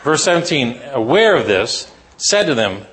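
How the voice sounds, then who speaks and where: A man preaching a sermon to teachers, telling a story with rhetorical questions and lively asides. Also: medium pitch, normal speed.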